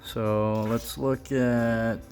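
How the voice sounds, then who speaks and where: A man's voice: medium pitch, flat delivery, very slow, darkish tone, soft background music. A man talking casually to camera about his car project, offhand and thinking aloud with a few fillers. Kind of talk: casual workshop vlog.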